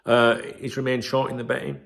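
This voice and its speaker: On his football fan channel, a man gives rambling, casual solo commentary laced with swearing, fillers and asides. His mid-range voice is flat, brisk and fairly bright, with vocal fry.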